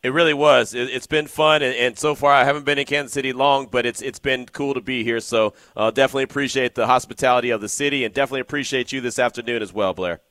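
A man's voice: medium pitch, fairly even intonation, fast talker, hardly any pauses, fairly bright tone, dry recording. A man hosting a sports radio show, telling stories in a loose, chatty, slangy way. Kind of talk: casual radio chat.

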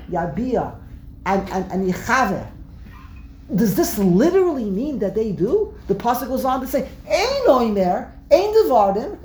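A fairly high-voiced woman leads a religious text class, explaining with energy and often doubling back on her words. The room around her is echoey, with faint noise in the background. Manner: animated explaining, frequent word repeats, answers student interjections. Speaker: religious teacher. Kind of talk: text study class with students.

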